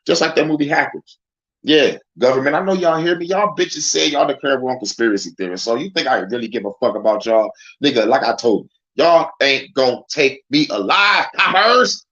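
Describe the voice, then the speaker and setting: A man's voice: medium pitch, quick pace, muffled recording. A man hosting a casual livestream, ranting and rambling in heated, profane commentary. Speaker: livestream host. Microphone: phone.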